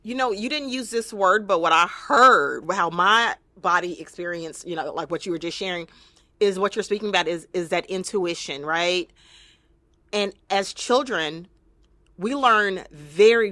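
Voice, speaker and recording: A lower-voiced woman therapist speaks earnestly and reflectively as an interview guest. She sometimes acts out the voices she quotes. The sound is dry and close. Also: moderate pace, bright, forceful tone, dry recording. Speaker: trauma-focused therapist, guest.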